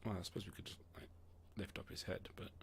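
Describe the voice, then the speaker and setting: A man's voice: quick pace, slight background noise. A man narrating a tabletop game as game master in a casual, rambling way, often stopping to ask himself questions. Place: room, alone.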